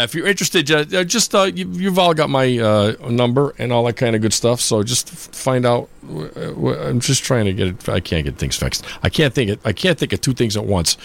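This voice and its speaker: A male polka show host chats casually on a live stream with a mid-range voice. He rambles and restarts his sentences, filling gaps with filler sounds. His shout-outs to listeners come out upbeat and chatty. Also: medium pitch, gravelly.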